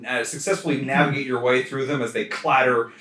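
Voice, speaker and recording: A man narrates a tabletop game as its game master. He hesitates often and fills his pauses. His voice comes through bright and sits a little back from the mic, with a roomy echo and faint hiss. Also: medium pitch, fairly even intonation. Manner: hesitant, many fillers, bursts into laughter. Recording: roomy sound from a distant mic with faint noise.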